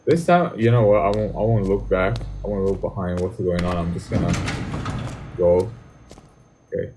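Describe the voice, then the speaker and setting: A man's voice: low voice, little pitch movement, normal speed, noisy background. A young man, commenting jokingly on a horror game as he plays and talking back to its characters. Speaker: gaming YouTuber.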